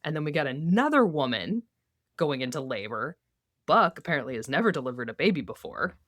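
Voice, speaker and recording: A woman's voice: low voice, big pitch swings, fairly quick, a bit bright, no room sound. A woman co-hosting a podcast, recapping a TV episode in casual chat, laughing often and acting out characters' lines. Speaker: podcast co-host.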